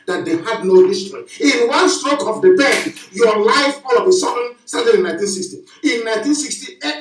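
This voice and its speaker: Male orator, preaching cadence, repetitive rhetorical questions, set back from the mic in a roomy space. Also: sits high. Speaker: broadcaster. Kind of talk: impassioned live broadcast address. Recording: echoey, distant from the mic.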